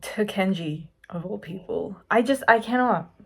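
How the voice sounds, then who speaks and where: A young adult woman rambling excitedly in a casual reaction vlog, gushing over a TV series. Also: mid-range voice, unhurried, creaky, breathy edge.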